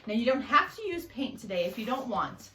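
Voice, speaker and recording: A woman's voice: on the high side, very animated, fairly quick, pushed and bright, soft background music. A woman leading a children's story time at a library, reading aloud playfully and laughing often. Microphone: camera mic in a library room.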